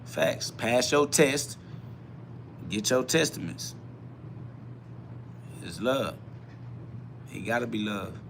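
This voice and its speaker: Host, male, bright tense voice, preachy live self-talk, faint background hum. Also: lowish voice, expressive, takes it slowly, creaky, long pauses. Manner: preachy, repetitive, swings between quiet musing and loud emphatic bursts with laughter. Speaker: podcast host.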